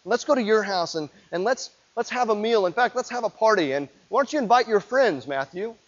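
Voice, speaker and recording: A man doing a calm, gentle teacher. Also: sits high, a little fast, voice pushed up. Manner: soft, calm, inviting. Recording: dull lo-fi sound.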